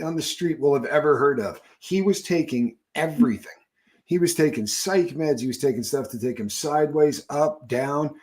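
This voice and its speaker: A man hosting a live talk show, chatting casually and rambling with many fillers and restarts. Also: fairly high pitch. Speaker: podcast host.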